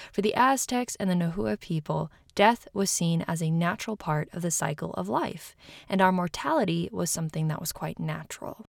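A woman's voice: fairly low pitch, gravelly, no room sound, studio quality. A woman hosting a podcast, reading a scripted narration with friendly, self-deprecating asides. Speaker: podcast host.

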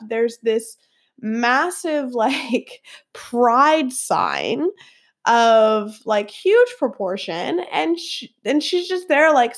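A woman in her thirties, a podcast host telling a personal story in an earnest, rambling way, full of fillers. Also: a little high. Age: 30s.

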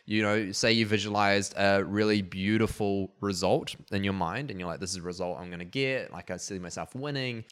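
Man, podcast host, somewhat low voice, casual rambling explanation, lots of ums and restarts. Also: fairly bright tone. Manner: rambling, many fillers and restarts.

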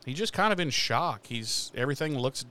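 A man hosting a podcast recaps an episode in loose, casual chat, swearing freely and laughing as he goes. His voice is smooth and clear, at a middle pitch. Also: expressive, normal speed, bright, forceful tone. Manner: profane, laughing storyteller. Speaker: podcast host.

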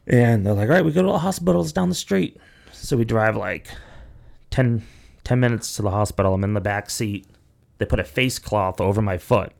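Gravelly low-voiced young man rambling. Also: darkish tone. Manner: rambling, profane, acts out quoted voices. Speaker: podcast host. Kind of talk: casual storytelling.

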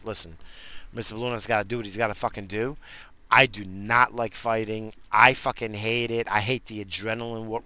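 Gravelly, bright-voiced swearing storyteller man. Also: medium pitch, no echo. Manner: animated, swears constantly, rambling with restarts. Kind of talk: casual profane storytelling.

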